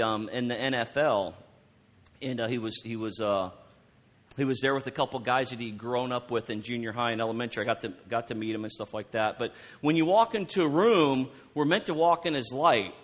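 A man's voice: medium pitch, fairly bright tone. A man preaching a conversational sermon, who often repeats words and asks his listeners questions. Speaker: pastor.

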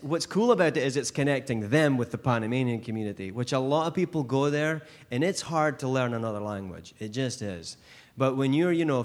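Scottish male missionary, casual church report, lots of ums and restarts. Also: mid-range voice. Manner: rambling, earnest, with frequent fillers.

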